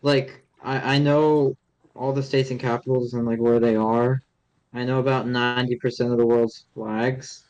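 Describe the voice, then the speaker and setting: Male podcast co-host, flat even voice, hesitant. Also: mid-range voice, moderate pace, clear, resonant tone, dull audio. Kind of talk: casual sports podcast chat.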